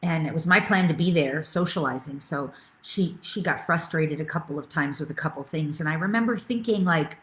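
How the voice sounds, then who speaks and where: A woman's voice: low-pitched, a little fast, hardly any pauses, roomy sound. A middle-aged woman spiritual coach teaching a live webinar, enthusiastic and reading out viewer comments as she goes.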